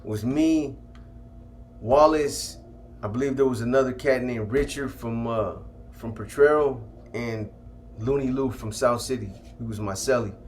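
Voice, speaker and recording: A man's voice: medium pitch, a little slow, a little hiss or hum. A man telling stories from his past in a casual, laid-back way, dropping slang and ending lines with "man". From California. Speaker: storyteller recounting his past. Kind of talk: casual first-person storytelling.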